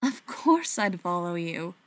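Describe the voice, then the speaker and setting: Woman reading as a gentle soft-spoken male vampire. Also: mid-range voice, no room sound, close to an everyday voice. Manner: soft and slow, near a whisper.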